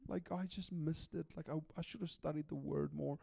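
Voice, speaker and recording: A middle-aged man from Africa, preaching a sermon as a guest speaker, telling personal stories in an animated, conversational way and often asking "right?". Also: on the high side, fairly quick, gravelly, breathy edge. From South Africa.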